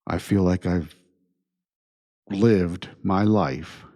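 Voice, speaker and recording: A man hosting his own podcast, talking through his thoughts in an unhurried monologue and repeating his points through rhetorical questions. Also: deep voice, dark tone. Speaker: podcast host. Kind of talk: reflective monologue.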